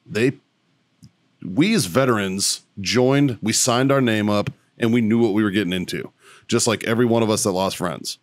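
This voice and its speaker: A man's voice: fairly low pitch, normal speed, no echo. Blunt, profane man ranting on a podcast. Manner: blunt, heavily profane, emphatic. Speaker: podcast co-host. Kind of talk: profane rant.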